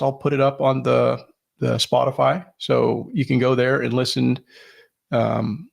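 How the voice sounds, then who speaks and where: Gravelly, husky-voiced male podcast host. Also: mid-range voice. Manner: halting, with many fillers and restarts. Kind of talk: casual chat.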